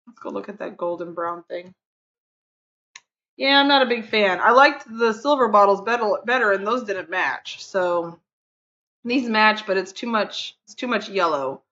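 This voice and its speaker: A woman's voice: medium pitch, unhurried, sharp tone. Chatty woman streamer on a dull mic. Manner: chatty, rambling, talks to chat while fiddling; hums and counts under her breath. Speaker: game streamer. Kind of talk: casual live-stream chat.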